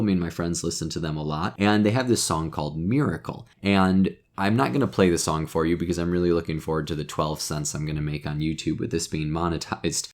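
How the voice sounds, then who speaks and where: A man teaching poetry in a chatty, self-deprecating way as host of his own lesson channel. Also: low-pitched. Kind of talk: casual explainer lesson.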